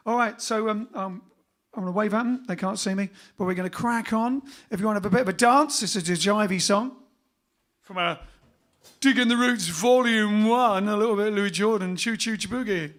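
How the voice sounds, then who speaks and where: A man's voice: high voice, normal speed, a bit bright. A man hosting a casual lockdown livestream as band leader, chatting playfully and joking between songs. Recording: band music clearly behind the voice.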